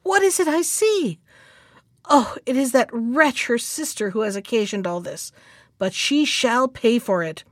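A harsh, excitable mother from a storybook, shrill and scolding, as a woman narrator puts her on. Her voice sits high and sounds dry and close. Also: a little slow, no echo. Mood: alarmed. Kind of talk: storybook reading.

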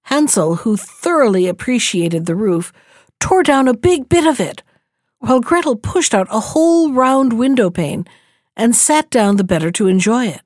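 A woman reading a fairy tale aloud in a measured, expressive storytelling manner. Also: fairly high pitch, no echo, clean studio sound.

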